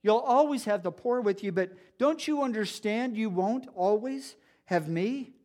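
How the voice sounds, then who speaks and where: A stern, pleading voice sets critics straight as a man stands up for a woman, performed by a preacher within his sermon. It sits high, and the rebuke comes with real firmness behind it. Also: expressive, a little slow, a little mellow. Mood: firm rebuke. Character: man speaking firmly, defending a woman.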